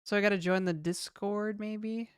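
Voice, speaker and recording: A woman's voice: mid-range voice, steady tone, normal speed, smooth, no room sound, studio quality. A young adult woman with a Canadian accent chatting casually on a livestream, reading viewer questions aloud and answering them in a laid-back way.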